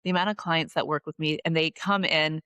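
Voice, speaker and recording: A woman's voice: low-pitched, fairly even intonation, brisk, bright, forceful tone, clear, resonant tone, no room sound. A woman hosting a podcast interview, enthusiastic and effusive, chatting loosely with many "like"s. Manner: enthusiastic, effusive, filler-heavy with "like". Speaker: podcast host. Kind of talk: conversational interview.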